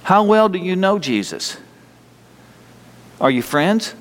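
A man's voice: high-pitched, sing-song, takes it slowly, a bit bright. Folksy preacher man, long hall reverb. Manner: folksy, rhetorical questions, chuckles often. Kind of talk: sermon.

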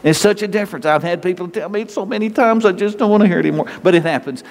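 A man with a North Texas accent, a pastor giving a lively, conversational sermon full of rhetorical questions. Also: high voice, fast talker, big-room sound.

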